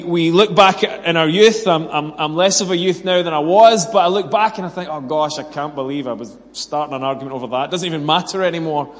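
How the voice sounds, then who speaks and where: The sound is that of a big room, and the British preacher's voice sits high. Earnest and self-deprecating, he reads scripture, prays and shares personal stories, voicing snippets of dialogue as he goes.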